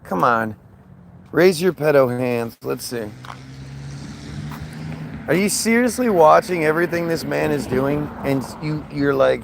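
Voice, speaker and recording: A man's voice: a little high, animated, measured pace, vocal fry, long pauses, a little hiss or hum. A man ranting in a casual monologue, profane, scornful and rambling with many restarts. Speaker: vlogger.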